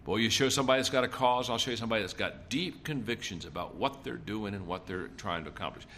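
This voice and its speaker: A man's voice: on the low side, lively intonation, fast, fairly bright tone, slight background noise. A middle-aged man giving a leadership seminar talk, telling folksy stories and repeating his points for emphasis. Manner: folksy storytelling, emphatic repetition. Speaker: leadership speaker.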